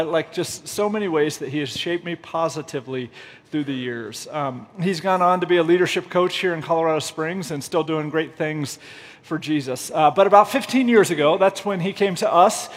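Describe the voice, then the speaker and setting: A man's voice: a little high, big-room sound. A man preaching a humorous, self-deprecating storytelling sermon, laughing often as he goes. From United States. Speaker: pastor.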